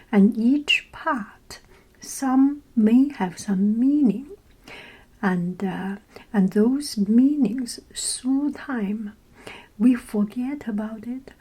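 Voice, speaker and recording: A woman talks in a soft, breathy whisper. She speaks slowly and unhurriedly, and her mellow tone stops often on "uh" and "um" while she hunts for the right word. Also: mid-range voice, low-quality recording. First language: Chinese. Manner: halting, many fillers and searches for words. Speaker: vlogger. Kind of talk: whispered casual storytelling.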